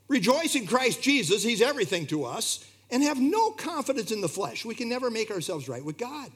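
A man's voice: sits high, breathy edge. A man preaching a sermon in an earnest, emphatic way, his delivery rising and falling. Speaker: pastor.

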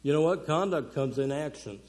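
At a women's conference, a man delivers a folksy, conversational sermon full of fillers and little chuckles. His pitch is fairly high, his intonation lively, his tone a bit mellow, and he speaks at a normal speed.

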